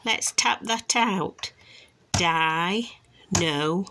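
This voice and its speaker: A woman speech and language therapist from England, teaching parents sound awareness games in a slow, careful way and stretching out words to model them. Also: lowish voice, creaky, noisy background. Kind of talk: instructional demonstration for parents.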